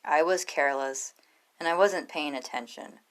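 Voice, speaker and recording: Woman doing a captive dragon, wise and wary, firm, hushed, solemn, storybook reading. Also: sits low, moderate pace, clean tone, natural voice, low-quality recording.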